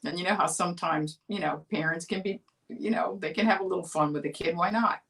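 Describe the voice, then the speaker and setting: Low-voiced woman telling a chatty story. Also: brisk, gravelly, fairly bright tone, recorded from a distance. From Florida. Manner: chatty and amused, laughs through her stories. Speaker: comedian host of a weekly livestream talk show. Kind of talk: casual storytelling monologue.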